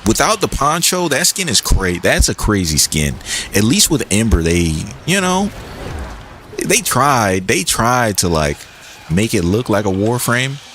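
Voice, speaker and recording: A man's voice: on the low side, a little slow, a little hiss or hum. A young man chatting casually and joking with his chat while he plays a game on a stream. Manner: animated, joking, reads and answers chat. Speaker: gaming streamer.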